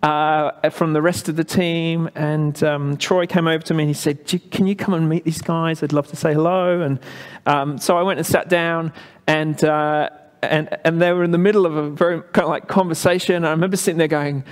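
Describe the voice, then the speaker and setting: A man's voice: a little high, fairly even intonation. English man preaching in a reverberant hall. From England. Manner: chatty, halting storytelling with many fillers. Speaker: pastor. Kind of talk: sermon.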